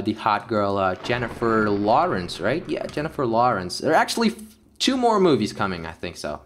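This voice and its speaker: Young male gamer, excitable Let's Play narration with a lively, swinging pitch. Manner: excitable, yelps and laughs at in-game action. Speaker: gaming YouTuber.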